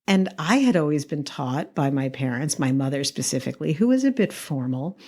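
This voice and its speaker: A woman's voice: deep voice, sing-song, a little fast, dark tone, husky. A woman from New York co-hosting a podcast, telling stories in a casual chat and laughing often. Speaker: podcast co-host.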